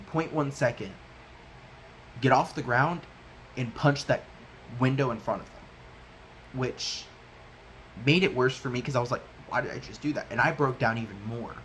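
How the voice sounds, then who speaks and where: A man's voice: medium pitch, a bit bright, a little hiss or hum. Young man rambling through a story. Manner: rambling, self-correcting, halting. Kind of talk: personal storytime.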